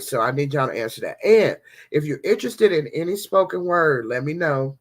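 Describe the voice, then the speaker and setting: A woman hosting a casual devotional vlog, chatting animatedly and talking straight to her viewers. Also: rumbling low.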